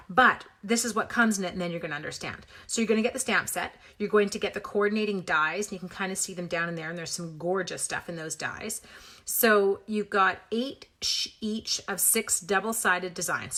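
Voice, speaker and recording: A woman from Canada with a mid-range, fairly bright voice hosts a relaxed live papercraft demo. She chats playfully, welcomes viewers by name, throws in small sound effects, and makes fun of herself.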